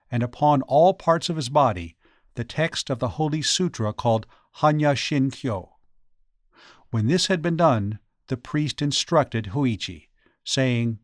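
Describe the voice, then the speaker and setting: A man narrating a ghost story audiobook in a measured, dramatic way. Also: mid-range voice, dry recording, studio quality. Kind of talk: scripted narration.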